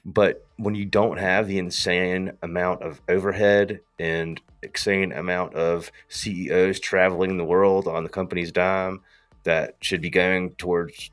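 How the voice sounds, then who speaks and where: A man's voice: low-pitched, fairly bright tone. A man with a thick Southern US accent, hosting a rambling, slangy casual talk. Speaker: host.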